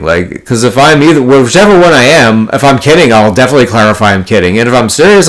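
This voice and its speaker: A man's voice: medium pitch, animated, a little fast. A man telling a poker story in a casual, blunt, profanity-heavy monologue, full of card jargon and rambling restarts. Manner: profane, blunt, exasperated ranting. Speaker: poker player vlogger.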